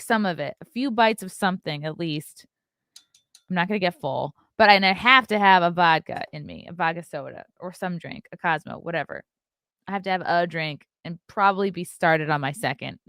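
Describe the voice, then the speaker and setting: A woman's voice: on the low side, a bit bright, no room sound, clean studio sound. A woman comedian musing aloud over a clip in casual commentary, chatty and full of filler words, from a room at home. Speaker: comedian and online show host. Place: home room with colored lights.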